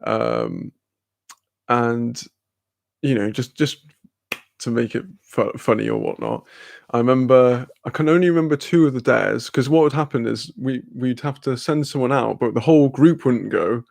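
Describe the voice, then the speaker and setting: A man's voice: mid-range voice, lively intonation, moderate pace, gravelly, darkish tone, dry recording. A young man telling a rambling, sweary story in casual chat, laughing often. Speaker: channel host.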